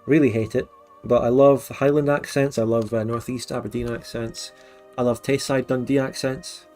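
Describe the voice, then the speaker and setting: A Scottish man hosting a relaxed late-night livestream, chatting frankly and laughing often. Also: medium pitch, moderate pace, soft background music. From Scotland. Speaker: livestream host. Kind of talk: casual late-night stream chat.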